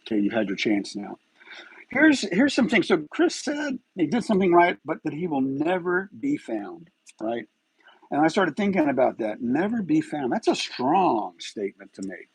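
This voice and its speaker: Husky-voiced man grilling a suspect aloud. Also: a little high, sing-song, moderate pace, no echo, poor audio. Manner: agitated, fires rhetorical questions. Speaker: live stream host. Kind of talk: heated true-crime commentary.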